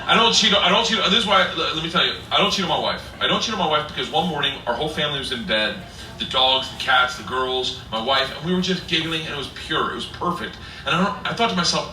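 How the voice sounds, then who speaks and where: A man telling a stand-up story loudly and excitably, often laughing at his own lines. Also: fairly high pitch, fast, faint music behind. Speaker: stand-up comedian. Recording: echoey distant playback with noise.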